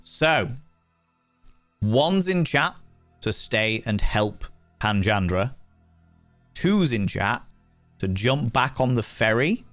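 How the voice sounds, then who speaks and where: A man narrating as game master for a streamed tabletop game, unhurried and dotted with fillers. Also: fairly low pitch, fairly bright tone, no room sound.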